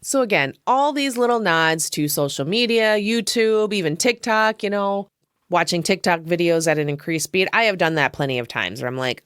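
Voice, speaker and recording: Low-voiced woman podcaster, chatty and profane. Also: lively intonation, normal speed, a bit bright, smooth, no room sound, studio quality. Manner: chatty, profane, laughs often. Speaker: podcast host. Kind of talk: casual film review podcast.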